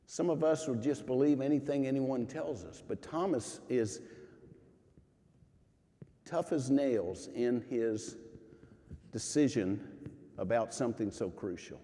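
A male pastor preaching a sermon at a slow, measured pace, his mellow voice rising with emphasis and falling to near hush. The sound rings with the long reverb of a church sanctuary. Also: medium pitch. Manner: earnest, emphatic preaching with dramatic rises and soft drops.

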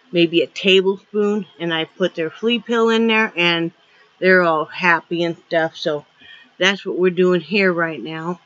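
A woman's voice: medium pitch, sharp tone, lo-fi sound. A woman chatting casually in a rambling home vlog, with lots of fillers. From Florida. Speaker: vlogger. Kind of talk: casual daily vlog chat.

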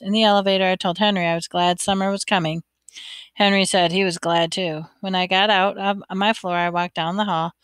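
A woman reading a children's chapter book aloud, telling it in an expressive first-person way. Her voice is bright and crisp. The recording is dry and close, with no room sound. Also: mid-range voice, no room sound. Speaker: audiobook reader. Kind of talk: storybook read-aloud.

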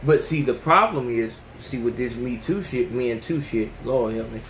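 A man hosting a podcast, ranting casually and with plenty of profanity, who often jumps into high yelling voices to mimic people. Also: normal speed, reverberant, slight background noise. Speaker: podcast host. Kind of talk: casual opinion rant.

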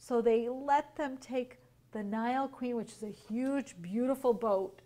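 Slow, explanatory woman teacher. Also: fairly high pitch. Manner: gentle, explanatory, asks questions. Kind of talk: reading a picture book aloud to young children.

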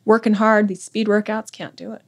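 A woman in her forties, a podcast guest, talking earnestly and candidly in a personal conversation, often dropping to a hushed low voice. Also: little pitch movement, normal speed.

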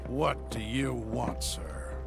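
An actor playing a pompous, arrogant rich industrialist in a video game, speaking in a clipped, blustering way. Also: male voice, mid-range voice, lively intonation, takes it slowly, gravelly, music in the background. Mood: blustering scorn.

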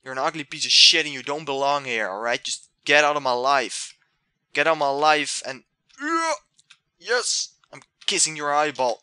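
A young man giving excitable let's play commentary, yelling and trash-talking the game. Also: fairly high pitch, moderate pace, clean tone, no echo. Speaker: gamer.

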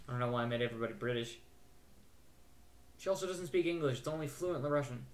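A man commentating on a game he is playing, profane and self-mocking, with loud outbursts. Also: mid-range voice, fast talker, long pauses. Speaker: gaming channel host. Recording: roomy with faint noise.

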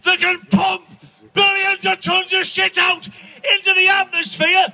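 Male comic, outdoor crowd set; sharp, piercing, loud ranting delivery. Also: very high voice, flat delivery, unhurried, gravelly, poor audio. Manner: loud, ranting, profane, shouting punchlines. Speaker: stand-up comedian. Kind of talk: stand-up rant to an outdoor crowd. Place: outdoors at a protest gathering.

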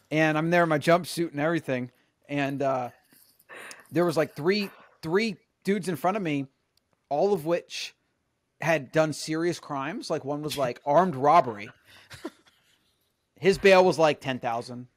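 A man's voice: a little high, a little slow, long pauses, no echo, clean studio sound. A man hosting a podcast, telling stories in a boastful, rambling way, full of restarts. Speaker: podcast host. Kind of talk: casual chat.

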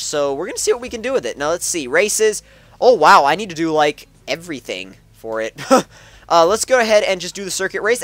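Guy doing casual let's play commentary, bouncy voice all over the place, rambly and laughy. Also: on the high side. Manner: rambling, chuckles between lines, sudden excited outbursts. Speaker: gaming channel host.

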